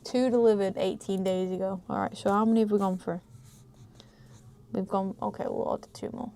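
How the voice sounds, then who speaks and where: British woman, 20s, casual vlogger, mid pitch, slight room hum. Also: steady tone, brisk, warm tone. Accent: British English. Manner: chatty, easily distracted, swears casually, coos at her dog. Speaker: vlogger, small business owner. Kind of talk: casual vlog chat. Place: small home office indoors.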